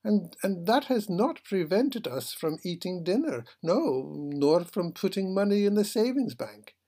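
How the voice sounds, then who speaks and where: Ship captain, philosophical, gentle, husky, higher voice, read by a man. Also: big pitch swings, unhurried, exaggerated voice. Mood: lecturing. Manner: gentle, reasoning, lofty. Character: genteel philosophical male ship captain, calm.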